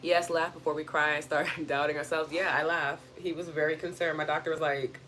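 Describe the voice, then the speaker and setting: A woman's voice: low voice, level tone, brisk, a bit bright, a little hiss or hum. A young woman hosting a wellness live stream, talking in an earnest, reflective way with lots of "like" and acted-out inner voices. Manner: acts out inner voices in quoted asides. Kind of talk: casual live-stream talk.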